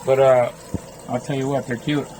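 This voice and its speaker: A man's voice: mid-range voice, level tone, normal speed, noisy background. A man vlogging from his home, rambling between topics in a casual, profane rant.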